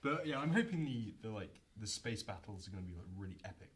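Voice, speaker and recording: A young man co-hosting a casual podcast chat, talking in a relaxed, halting way. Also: fairly low pitch. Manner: relaxed, hesitant, with many restarts. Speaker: podcast co-host.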